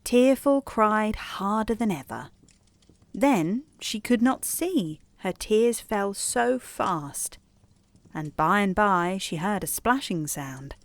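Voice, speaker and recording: A woman reads a calm bedtime story, soft and soothing yet expressive, her voice rising and falling with the tale. She keeps a slow, lulling pace, recorded dry and close. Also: medium pitch, dry recording. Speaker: storyteller and podcast host.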